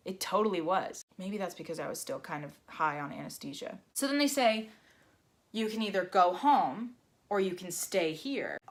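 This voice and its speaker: A young woman telling a personal story in a vlog, animated and acting out the voices she quotes. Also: lowish voice, normal speed. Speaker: vlogger.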